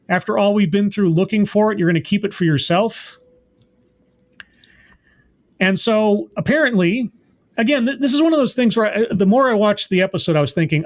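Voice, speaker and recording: Brief: male reviewer with a fairly high voice, casual recap, hesitant and thinking aloud. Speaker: show reviewer.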